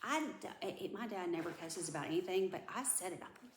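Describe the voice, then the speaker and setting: A woman's voice: fairly low pitch, expressive, fast. A woman vlogging in casual chat, rambling through a story, venting, and sometimes dropping to a whisper. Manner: rambling storyteller who vents and drops to a whisper. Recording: echoey room with background noise.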